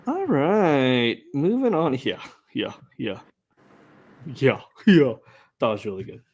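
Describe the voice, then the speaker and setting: A man's voice: medium pitch, very animated, a little slow, darkish tone, husky. A man co-hosting a casual live-stream trivia chat, thinking aloud with many ums and uhs. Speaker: trivia contestant and co-host.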